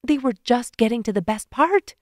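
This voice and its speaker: A young wife played by a female narrator who scolds and teases in a higher, animated voice. It is recorded close and dry. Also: moderate pace, no echo, lightly acted. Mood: scolding. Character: young married woman, teasing and scolding.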